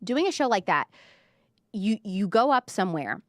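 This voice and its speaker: A woman's voice: medium pitch, very animated, moderate pace, no room sound, clean studio sound. A young woman hosting a pop culture show, talking casually and self-deprecatingly with lots of fillers and playful quoted voices. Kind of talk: casual chat to camera.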